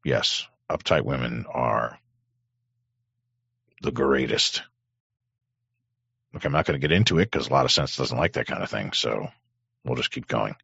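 A man hosting a talk show, rambling in crude, sarcastic casual commentary with a hoarse voice. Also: extremely low pitch, measured pace, pauses often, sharp tone, no echo, highs cut off. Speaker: podcast host.

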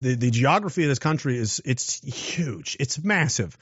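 A man's voice: medium pitch, animated, normal speed, breathy edge, no room sound. A man giving a political commentary monologue, rambling with restarts and rhetorical questions. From Canada. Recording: dull, dry lo-fi sound.

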